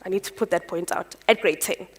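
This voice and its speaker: A South African woman telling her life story on stage, animated and acting out the dialogue. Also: lowish voice. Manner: animated, acts out dialogue with quick voice jumps. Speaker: entrepreneur speaker. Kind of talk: personal storytelling talk.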